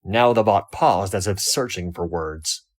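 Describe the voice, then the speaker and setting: Low-voiced man reading a story aloud. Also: unhurried. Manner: wry, expressive storytelling. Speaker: audiobook reader. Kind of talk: first-person fan fiction narration.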